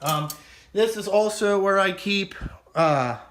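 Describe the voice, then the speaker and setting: Man, 30s, high voice, unhurried, blunt and foul-mouthed, casual vlogger in an echoey room. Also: fairly bright tone. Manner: blunt and profane, rambling. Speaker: vlogger showing his toolbox. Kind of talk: casual show-and-tell.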